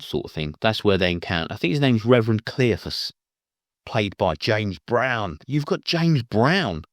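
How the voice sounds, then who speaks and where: Low-voiced man recapping a film. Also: very animated, a little slow, no room sound, clean studio sound. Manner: rambling, meandering retelling with many restarts. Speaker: film reviewer.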